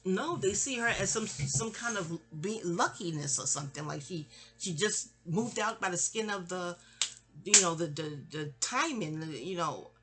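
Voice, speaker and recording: A woman's voice: fairly low pitch, lively intonation, moderate pace, over music. A woman in her forties telling family stories in a rambling, candid way, trailing off and restarting. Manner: rambling, trails off and restarts, mimics people in quotes. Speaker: storyteller.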